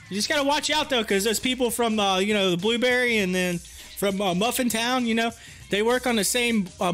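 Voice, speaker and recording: Speaking to his livestream chat, this rural man has a bright, very high voice and recounts a story casually. He's lively, often bursts into laughter and performs his friends' lines, with quiet music behind him.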